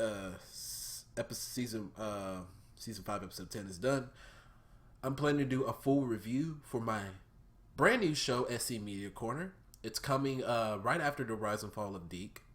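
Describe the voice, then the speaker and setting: A young man hosting his own vlog, giving a casual, profane review of a cartoon episode, swinging between loud outbursts and subdued talk. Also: mid-range voice.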